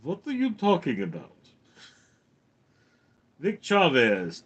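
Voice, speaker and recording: Brief: a slow, deadpan male streamer with a lively pitch, answering his chat from home. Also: dull audio. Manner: dry, deadpan, reading chat names aloud. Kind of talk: casual live-stream chat.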